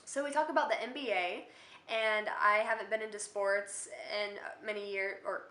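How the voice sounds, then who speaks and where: A woman's voice: mid-range voice, steady tone, moderate pace, pushed and bright. A young adult woman telling a casual storytime vlog, chatty and rambling with lots of filler words. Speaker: vlogger. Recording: echoey room.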